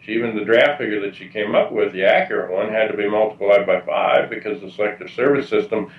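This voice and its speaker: A man speaking as a guest at a public talk, answering at length in a halting way with many fillers and restarts. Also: on the low side. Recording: distant muffled roomy mic.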